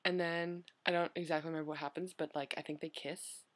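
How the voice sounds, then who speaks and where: A woman's voice: deep voice, flat delivery, fast talker. A young woman vlogger chatting casually as she answers questions, rambling and filling her talk with "like" and "you know".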